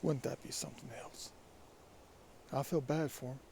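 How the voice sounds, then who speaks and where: A man with a raspy, allergy-stuffed voice, musing and rambling in a casual vlog by a creek. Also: mid-range voice, fairly even intonation, normal speed, dark tone, a little hiss or hum. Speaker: vlogger. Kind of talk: casual walking vlog monologue. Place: outdoors by a creek.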